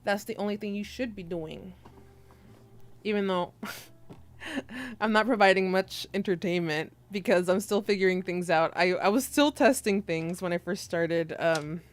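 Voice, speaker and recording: Young woman, streamer, casual chat, teasing, giggly, medium pitch. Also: unhurried. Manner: playful, teasing, giggly, reads chat aloud.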